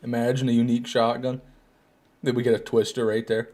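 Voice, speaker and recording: A man's voice: medium pitch, level tone, a little fast, darkish tone. A man streaming a game, chatting casually and joking while he answers viewers' chat. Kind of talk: casual gameplay commentary, reading chat.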